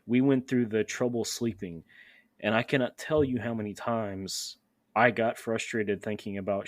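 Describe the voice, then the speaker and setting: A man's voice: on the low side, steady tone, normal speed, dry recording. A young adult man hosting a podcast, telling candid, self-deprecating stories in casual chat. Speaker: podcast host.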